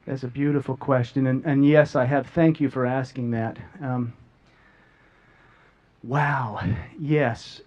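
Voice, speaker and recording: As a guest speaker, a middle-aged man earnestly shares a personal story, often repeating words. His medium-pitched voice is slow, darkish, and fairly even in intonation, captured in dull lo-fi audio.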